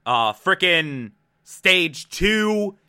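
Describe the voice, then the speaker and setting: A young man hosting a casual show, recapping an episode in an animated, emotional way with free swearing and loud rants. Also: sits high, very slow, clean tone. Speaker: podcast host recapping a TV episode.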